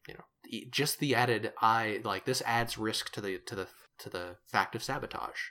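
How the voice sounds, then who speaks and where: A man's voice: fairly low pitch, moderate pace, bright, forceful tone. A man narrating a tabletop game as game master, rambling and correcting himself as he describes scenes.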